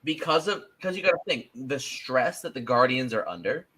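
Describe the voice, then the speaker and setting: A man co-hosting a casual podcast chat, excitable and quick to act out his reactions with big jumps in his voice. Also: medium pitch, a little hiss or hum. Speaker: podcast co-host.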